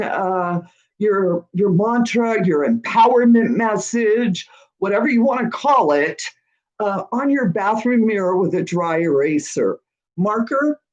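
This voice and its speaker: Hosting a witchcraft channel's live-stream Q&A, a woman with a medium-pitched voice reads out viewer comments. She talks chattily and encouragingly, often checking in with "all right?", and the sound is lo-fi.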